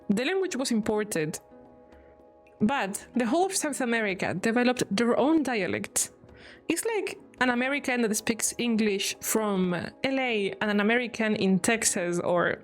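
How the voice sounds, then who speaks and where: On a live stream, a woman from Spain talks casually in a mid-range voice with a Spanish accent, often laughing and explaining things through examples.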